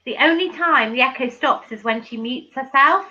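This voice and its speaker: A woman hosting a casual livestream over a video call, excitable, reading chat aloud and laughing often. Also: high voice, moderate pace, highs cut off, a loud crowd. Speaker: livestream host. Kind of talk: casual live-stream chat.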